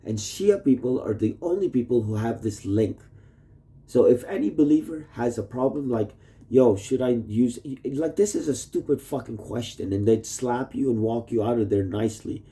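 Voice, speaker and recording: A man speaks into a phone set up in his cluttered room, talking to his wife in a long, wandering monologue. His voice is warm and dark, heavy with profanity, and he switches subjects constantly. His pitch sits at an ordinary middle level for a man. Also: moderate pace. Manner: heavy swearing, jumps between topics. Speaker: husband recording a video message to his wife. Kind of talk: rambling casual monologue. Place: at home in a messy rented room. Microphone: phone plugged in nearby.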